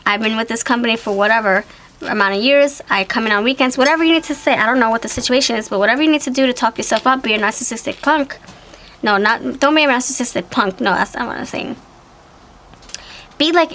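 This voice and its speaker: A woman with a slightly high voice, talking her viewers through a tarot card reading. She is chatty and animated, breaks in with exclamations and corrects herself as she goes. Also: a little fast, slight background noise, rough recording. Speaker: tarot reader.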